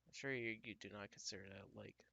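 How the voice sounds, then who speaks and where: A man giving casual live weather commentary as he tracks storms, thinking aloud in an unhurried way with frequent restarts. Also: fairly low pitch, fairly even intonation, creaky, pushed and bright, no echo, muffled recording.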